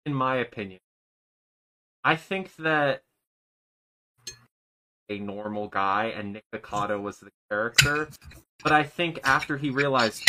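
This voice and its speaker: A man co-hosting a casual commentary podcast, his voice bright and a little sharp. He rambles, swears freely and lets his sentences trail off. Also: medium pitch, measured pace, pauses often, slight background noise, poor audio. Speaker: podcast co-host.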